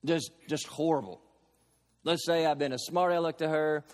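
Man preaching in a reverberant hall. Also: fairly high pitch. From Kentucky. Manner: emphatic preaching with slow stressed phrases and homely examples. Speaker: pastor. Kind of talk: sermon.

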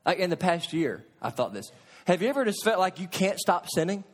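A middle-aged man preaching a sermon as pastor, swinging between loud emphasis and hushed, quiet asides. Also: high-pitched, sing-song, fairly quick.

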